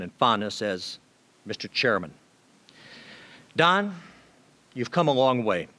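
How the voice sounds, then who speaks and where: Guy reading a formal tribute speech, measured, a few uhs. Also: mid-range voice, fairly bright tone. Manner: measured, formal, reads prepared remarks with small hesitations. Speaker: tribute speaker.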